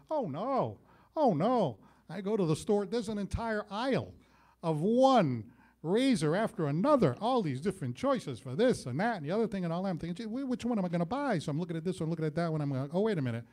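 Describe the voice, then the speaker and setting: High voiced new guy hosting a variety show, cracks jokes and laughs at them. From Portuguese heritage. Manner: laughs at his own jokes, then loud showman announcing. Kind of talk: joke-telling monologue and show announcements.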